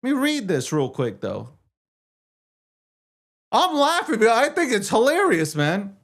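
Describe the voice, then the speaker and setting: Reading social media posts aloud and arguing back, a talk show host rants in a profane, fiery, combative way. His very high, fairly bright voice swoops wildly in pitch at a measured pace.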